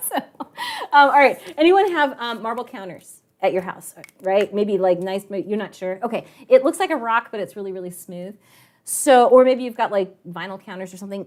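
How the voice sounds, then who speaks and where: A woman teaching a live online math class, chatty and telling a story, often asking the kids questions. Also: medium pitch.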